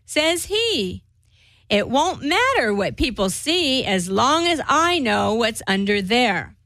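A woman on a comedy radio show reading quotes and a poem aloud in a measured, clear way. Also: a little high, big pitch swings, fairly bright tone, dry recording, clean studio sound. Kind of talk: scripted reading of quotes and poems.

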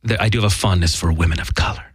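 A man's voice: low-pitched, rapid-fire, slightly rough, dry recording. A man co-hosting a casual radio talk show, joking and making fun of himself as he chats with his partner. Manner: animated, jokey, self-deprecating. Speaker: co-host.

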